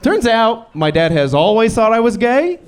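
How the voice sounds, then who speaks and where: A young man performing a stand-up set on a comedy club stage, with a deadpan, self-deprecating delivery. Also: very high-pitched, normal speed, faint music behind. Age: young adult.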